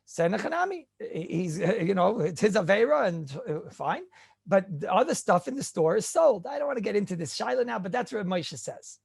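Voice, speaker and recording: A middle-aged man giving an animated halacha lecture full of rhetorical questions and Yiddish-laced terms. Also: high-pitched, a little fast, vocal fry, breathy edge. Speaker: rabbi teaching halacha.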